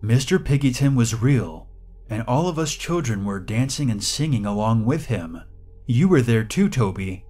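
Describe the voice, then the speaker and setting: A man's voice: medium pitch, lively intonation, normal speed, darkish tone, faint music behind, natural voice. A man voicing a grown man who acts like a needy child, whining and pleading in a raised voice. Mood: soft wistful. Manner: whiny, pleading.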